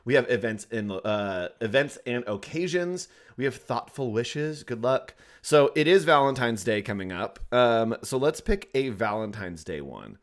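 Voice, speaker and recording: Chatty man demoing software. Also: mid-range voice, animated, a little slow, hardly any pauses. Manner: chatty, rambling, addresses the chat. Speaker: co-host of a software tutorial livestream. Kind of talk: casual livestream demo.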